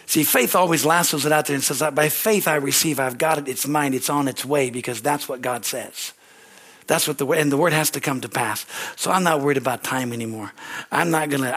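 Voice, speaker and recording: A middle-aged man preaches with lively, storytelling energy. His voice sits a little higher than most men's. He throws out calls of amen to the room. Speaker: pastor. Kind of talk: sermon.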